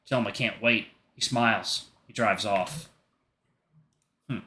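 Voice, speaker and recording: Brief: male streamer narrating a visual novel, bright and forward tone, playful commentary. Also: lowish voice, measured pace. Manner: playful, jokey asides. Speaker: gaming streamer.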